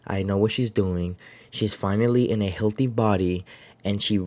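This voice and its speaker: A man's voice: lowish voice, fairly even intonation, normal speed, a little mellow, lightly acted. A man voicing a teenage boy scolding himself with guilt. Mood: self-reproach.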